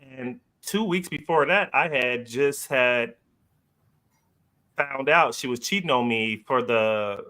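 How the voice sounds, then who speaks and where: Bright-voiced man telling a story casually. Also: medium pitch, animated, slow. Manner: loose and slangy, heavy on fillers, laughs while telling. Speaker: podcast guest.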